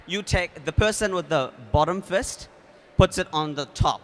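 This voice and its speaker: A man with a New Zealand accent speaking at a conference, casual and energetic, with many fillers and restarts. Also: fairly high pitch, normal speed. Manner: energetic, leads the audience in a game. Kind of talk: conference talk.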